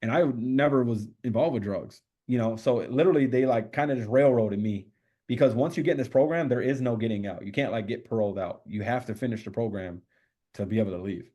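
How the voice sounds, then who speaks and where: A man with a mid-pitched voice tells his story to a podcast host. He talks in a casual, candid way, with streetwise slang and plenty of swearing. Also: fast talker, warm tone. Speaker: podcast guest.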